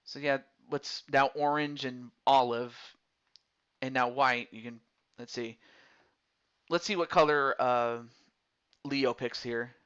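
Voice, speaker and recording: Over dull-sounding audio, a man speaks slowly in a smooth, steady, mid-range voice with a fairly bright tone, pausing often. He's a streamer casually narrating a baseball game's character creation, chatting and reading out menu options for a viewer as he selects them.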